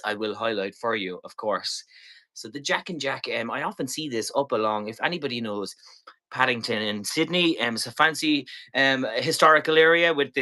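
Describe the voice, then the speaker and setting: A man's voice: mid-range voice, bright, forceful tone. A man hosting a live selling stream, chatty and playful as he rambles through each item. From Ireland.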